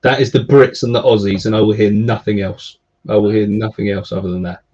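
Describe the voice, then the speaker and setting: Husky British man on a dull stream. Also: on the low side, steady tone, fairly quick, mellow. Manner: jokey, banter-heavy, reads chat aloud. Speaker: co-host of a reptile live stream. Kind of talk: casual live-stream chat.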